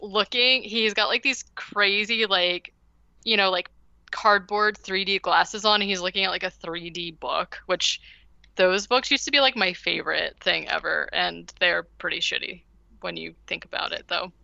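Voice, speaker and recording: A woman's voice: medium pitch, normal speed, creaky, pushed and bright, no room sound, lo-fi sound. A woman podcast host casually recapping a movie, rambling with lots of "like" and "um". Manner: rambling, heavy use of "like" and "um".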